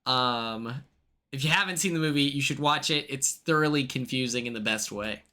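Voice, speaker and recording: Co-host with a bright, sharp voice, joking and animated in casual stream chat. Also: medium pitch, normal speed.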